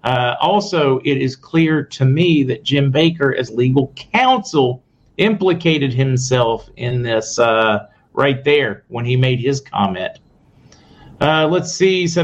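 A man hosting a casual live stream, reading posts aloud fast and adding sarcastic asides to his viewers. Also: medium pitch, expressive. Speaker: host. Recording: muffled audio with faint noise.

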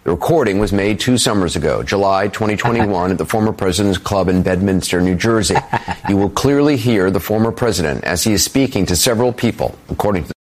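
A man anchoring a TV news broadcast with a fairly low voice. His delivery is measured and formal.

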